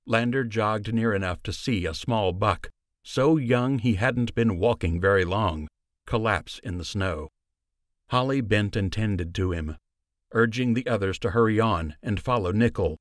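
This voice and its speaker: Reading scripted audiobook narration, a man with a fairly low pitch tells the story steadily and with measure. There's no room sound, just clean studio audio.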